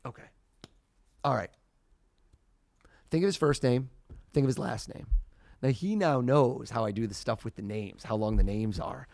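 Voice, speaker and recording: A man performing mind-reading as a podcast guest, talking theatrically and building to loud excited bursts. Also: mid-range voice, normal speed, vocal fry, long pauses. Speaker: mentalist guest.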